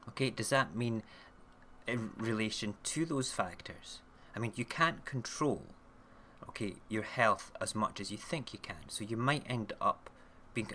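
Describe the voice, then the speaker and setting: A man's voice: medium pitch, sharp tone, slight background noise. A man hosting an online radio show, rambling casually through news stories and often checking in with "okay?". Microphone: camera mic, recording himself on video.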